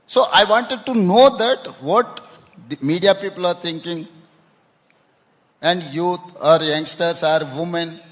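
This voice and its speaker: A man answers questions at a public event, stumbling and repeating words as he goes. His voice sits a little high. The long echo of a big hall hangs behind him. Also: fairly bright tone. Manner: halting, repeats words, ends with "no?". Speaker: chief minister interviewed on stage. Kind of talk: panel interview answers. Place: conference hall stage.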